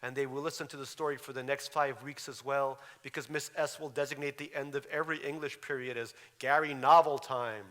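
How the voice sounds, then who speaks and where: Reading from his own memoir, a Russian-born author in his forties speaks a little fast with few pauses, his medium-pitched voice steady and a bit bright. The humor is wry and dry, and the lecture hall setting adds noticeable reverberation.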